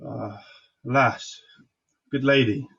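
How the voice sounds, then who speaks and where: A man playing a husky, grave king. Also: mid-range voice, steady tone, a bit bright, lo-fi sound, exaggerated voice. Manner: halting, with fillers and restarts. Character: grave king, commanding yet sorrowful. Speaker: stage actor. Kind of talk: Shakespearean stage acting.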